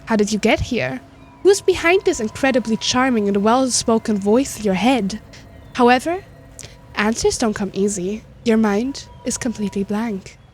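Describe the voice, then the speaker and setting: A woman's voice: fairly high pitch, lively intonation, normal speed, darkish tone, slight background noise, close to an everyday voice. A woman reading a dating game's text aloud as a teasing, well-spoken narrator voice in the player's head. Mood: eerie storytelling.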